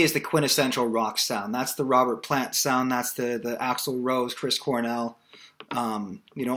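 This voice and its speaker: A man giving a casual singing lesson as a voice teacher, explaining in a loose, relaxed way with plenty of fillers. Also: mid-range voice.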